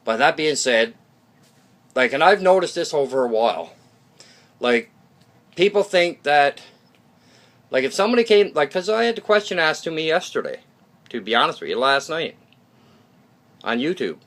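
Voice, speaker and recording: A man's voice: on the high side, animated, normal speed, long pauses, fairly bright tone. A man talking casually to his channel viewers in a blunt, rambling monologue, often restarting sentences and checking in with "okay?", with some mild swearing. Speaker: YouTube channel host.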